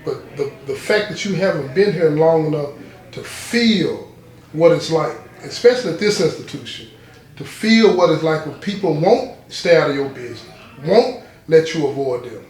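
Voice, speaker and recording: A man hosting a support group session, speaking in a relaxed conversational way with frequent restarts. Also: fairly high pitch, normal speed. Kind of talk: group discussion. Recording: echoey room.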